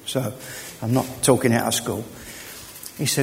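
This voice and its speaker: A man's voice: mid-range voice, animated, brisk. Man preaching in a reverberant church. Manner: conversational, acts out dialogue, swings from hushed to loud. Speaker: guest preacher. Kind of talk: sermon. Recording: church hall with long reverb.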